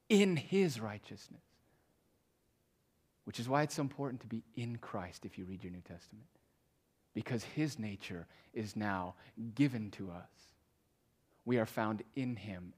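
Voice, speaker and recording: A man preaching a sermon as pastor, swinging from loud emphatic declarations to hushed, quiet tones. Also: lowish voice.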